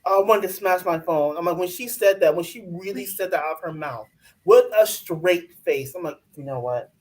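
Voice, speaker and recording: A woman's voice: on the low side, normal speed. A woman co-hosting a casual reality TV recap, ranting bluntly and in exasperation, and putting on mock voices for the people she talks about. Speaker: co-host of a reality TV recap show. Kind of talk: casual chat.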